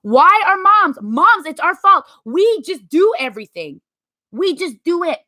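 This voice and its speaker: A woman in her thirties giving emphatic, animated motivational talk to her viewers, acting out little quotes as she goes. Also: very high-pitched, unhurried, dry recording. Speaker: vlogger.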